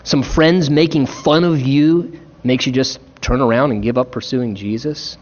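A male pastor preaching a sermon with an impassioned delivery that swings between soft emphasis and raised urgency. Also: a little high, dull audio.

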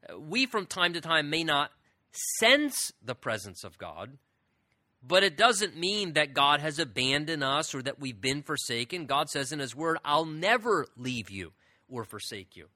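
Bright, earnest male preacher. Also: fairly high pitch, big pitch swings, measured pace, no room sound, studio quality. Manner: earnest preaching, rising emphasis on key words. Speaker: pastor. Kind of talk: sermon.

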